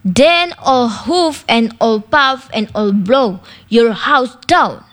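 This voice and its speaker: A woman doing a big bad wolf, high and loud. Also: expressive, slow. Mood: demanding. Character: big bad male wolf, demanding and boastful.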